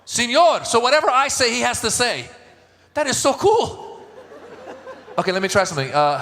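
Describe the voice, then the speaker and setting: A man's voice: high voice, lively intonation, normal speed, long pauses, bright, forceful tone, slight background noise. A middle-aged male stand-up comedian from Iran performing a set before a live audience, joking with the crowd and acting out voices. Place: large event hall with a live audience. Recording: echoey live hall, crowd.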